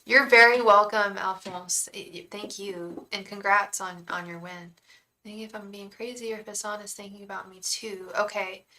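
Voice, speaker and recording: A young woman hosts a live tarot reading, gushing warmly to viewers and thanking them by name. Her medium-pitched voice is bright and forceful, with fairly even intonation and a moderate pace, on a low-quality recording with slight background noise.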